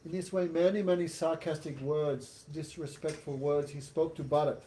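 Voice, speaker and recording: A man teaching a class by telling a story in an animated way, chuckling and often adding a rhetorical "No?". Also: a little high, normal speed, hardly any pauses. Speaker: spiritual teacher. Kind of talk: storytelling lesson.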